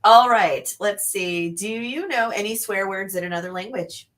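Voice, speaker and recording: Bright-voiced woman hosting a live interview. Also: mid-range voice, normal speed. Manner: bubbly, reads viewer comments aloud. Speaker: livestream interview host. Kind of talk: casual livestream interview.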